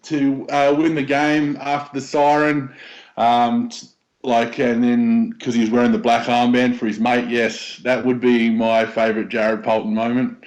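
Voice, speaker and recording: An Australian man chatting as a guest on a sports podcast. He sounds keen and enthusiastic, and he stops often to search for words. His voice sits at an ordinary middle pitch. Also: little pitch movement, a little mellow, rough recording. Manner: enthusiastic, halting with many ums. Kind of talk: casual sports chat.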